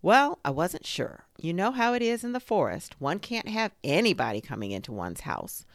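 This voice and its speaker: A woman voicing a fussy, cautious male rabbit who speaks in a brisk, prim and wary way. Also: lowish voice, very animated, creaky, no room sound, clean studio sound, voice pushed up.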